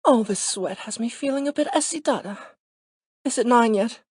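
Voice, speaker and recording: Man doing a flirty, husky wealthy wife. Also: extremely high pitch, normal speed, a little mellow, no room sound, clean studio sound, pitched above the performer's own voice. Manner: playful, teasing, lightly sultry.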